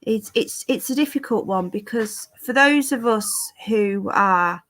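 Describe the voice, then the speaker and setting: A woman's voice: fairly high pitch, measured pace, fairly bright tone. Chatty English woman live-streaming. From England. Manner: chatty, greeting viewers by name; talks while fiddling with settings. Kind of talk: casual live-stream chat.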